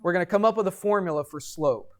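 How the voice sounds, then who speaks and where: A middle-aged man, a math teacher, telling a story to his class and lecturing in an animated way, checking in with students as he goes. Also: sits high, quick pace. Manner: animated, addresses students directly with frequent "right?".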